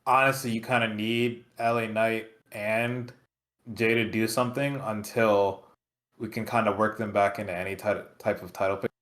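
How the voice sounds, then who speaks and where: A man's voice: on the low side, fairly even intonation, moderate pace, a bit bright. A man co-hosting a casual wrestling podcast, laid-back and profane as he muses over storylines. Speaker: podcast co-host.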